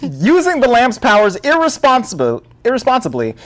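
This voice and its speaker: A man's voice: very high voice, huge pitch swings, normal speed, fairly bright tone. A man co-hosting a podcast, casually recapping a film with lots of fillers, restarts and laughs. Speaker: podcast co-host. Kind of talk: casual chat.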